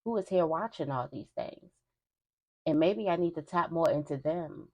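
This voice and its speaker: Low-voiced woman giving a spiritual reading. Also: normal speed, a little mellow. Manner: conversational and emphatic, repeats phrases, addresses viewers directly. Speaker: tarot reader.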